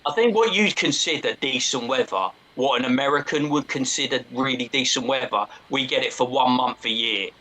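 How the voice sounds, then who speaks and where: A man's voice: mid-range voice, brisk, few pauses, bright, forceful tone, poor audio. A man with an English accent co-hosting a casual stream, talking bluntly and grumbling in a dry way. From England. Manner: blunt, complaining, says mate. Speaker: co-host.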